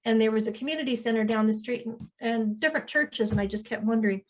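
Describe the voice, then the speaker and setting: A woman co-hosting a casual chat, sharing a personal memory in a gentle, earnest way. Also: on the high side, fast. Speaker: co-host.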